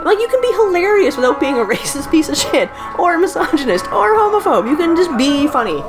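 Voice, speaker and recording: A woman chatting casually as a podcast co-host while watching a show, blunt and excitable, swearing freely and laughing often. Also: very high voice, quick pace. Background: TV show music playing.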